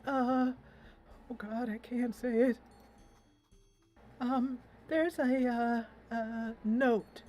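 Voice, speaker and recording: A woman's voice: high voice, darkish tone, voice pushed up, exaggerated voice. A woman voicing a shy, nervous teenage boy who stammers and hesitates.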